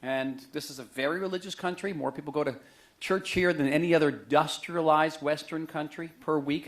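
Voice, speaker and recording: A middle-aged man giving a book talk to a live audience in a museum auditorium, chatty and joking, telling stories with lively emphasis. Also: fairly high pitch. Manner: conversational, joking, animated storytelling. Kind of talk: public lecture to an audience.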